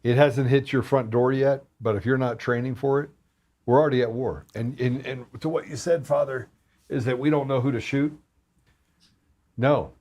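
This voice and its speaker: A man's voice: mid-range voice, a little mellow. Blunt, heated man on a podcast. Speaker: guest. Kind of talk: casual chat.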